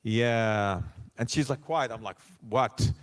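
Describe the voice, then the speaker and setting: A man telling lively stories as a guest on a convention panel, acting out the voices of the people he quotes and swearing casually. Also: medium pitch, takes it slowly. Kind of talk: animated storytelling. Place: convention hall stage. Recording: long hall reverb.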